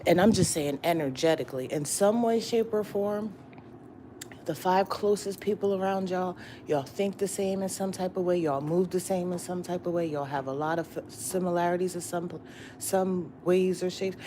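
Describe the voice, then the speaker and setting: Speaking at a moderate pace in a low, dark voice, a female tarot reader delivers a loose, slangy morning pep talk straight to her viewers. She swears freely, hammers her points through repetition, and keeps asking "you get what I'm saying?" Faint background noise can be heard.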